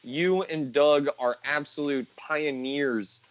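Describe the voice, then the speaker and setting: Rambling, self-mocking comic guest, slightly high voice, very dry sound. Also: male voice, slow, no room sound, rough recording. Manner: joking, rambling self-deprecating storytelling. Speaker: guest comedian. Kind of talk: casual chat on a live stream.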